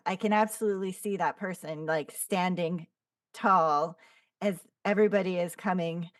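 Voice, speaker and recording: A woman's voice: on the low side, steady tone, moderate pace, no echo, clean studio sound, recorded from a distance. A woman co-hosting a podcast, affirming her partner's story with eager enthusiasm. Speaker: podcast co-host. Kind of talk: conversational discussion.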